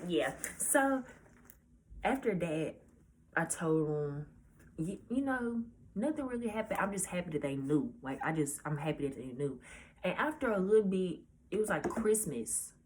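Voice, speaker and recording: A nineteen-year-old woman telling a personal story in a casual, halting way, often restarting her sentences. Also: lowish voice, big pitch swings, a little mellow, slight background noise. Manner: halting, hesitant, with many restarts; casual, informal speech. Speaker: vlogger.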